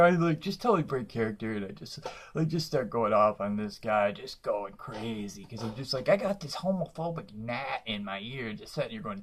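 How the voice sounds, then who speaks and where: A middle-aged man who does stand-up, talking straight to his camera in a loose, meandering vlog. He swears freely and leans on fillers like "like" and "uh" as he tells his stories, in a voice of ordinary pitch. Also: lively intonation, moderate pace. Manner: profane, rambling, lots of fillers. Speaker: stand-up comic and vlogger. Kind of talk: casual storytelling vlog.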